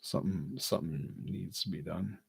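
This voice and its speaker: A man talking through a rambling comic monologue. He is self-amused and halting, with lots of fillers and restarts. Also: deep voice, vocal fry, husky. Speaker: vlogger.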